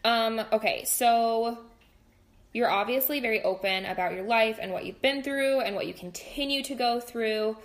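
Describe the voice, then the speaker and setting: A woman hosting a podcast interview, asking questions in a chatty way with lots of fillers and gentle hedging. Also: fairly high pitch, moderate pace. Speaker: podcast host. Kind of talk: casual interview chat.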